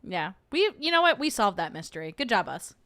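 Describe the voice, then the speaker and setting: A woman's voice: medium pitch, big pitch swings, fairly quick, fairly bright tone, a little hiss or hum. A young adult woman hosting a livestream, chatting casually and joking in rambling asides while reacting to a video. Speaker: host.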